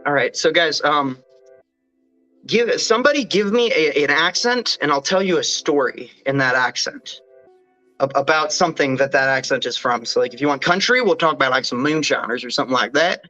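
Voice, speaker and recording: A man with a bright, somewhat high voice chats casually on a livestream, playful and jokey, hopping between quick tangents. The sound is slightly dull, with faint music underneath. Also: lively intonation. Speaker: co-host of a livestream.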